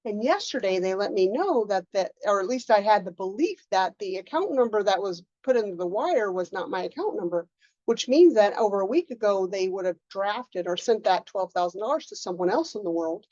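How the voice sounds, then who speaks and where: A woman coaching a group in a casual lecture, animated, often acting out her own inner voices. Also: medium pitch, brisk, no echo, lo-fi sound. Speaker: mindset coach.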